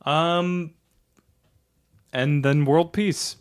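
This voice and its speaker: A man's voice: on the high side, very slow, clean tone. Young guy cohosting a podcast, dry absurd jokes, laughs a lot. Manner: deadpan absurd joking, laughs often. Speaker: podcast co-host. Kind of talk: casual comedic chat.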